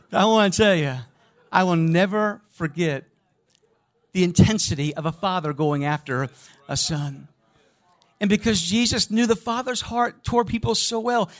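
A man with a high-pitched voice delivers a sermon. He tells stories with animation and talks right to the congregation, asking for their response. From American Midwest. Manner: storytelling, animated, addresses congregation directly. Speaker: pastor.

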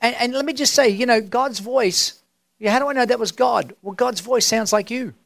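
A man's voice: very high voice, normal speed, vocal fry, a bit bright, dry recording. A middle-aged man preaching a sermon as senior pastor, emphatic and drawn out, asking the crowd rhetorical questions. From Australia.

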